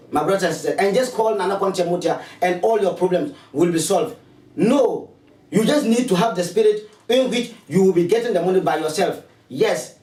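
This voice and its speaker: Urging Ghanaian man, high voice, echoey room. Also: darkish tone, distant mic. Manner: preachy, repetitive, urging and coaxing. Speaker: spiritualist advertising his services. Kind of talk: promotional appeal to viewers.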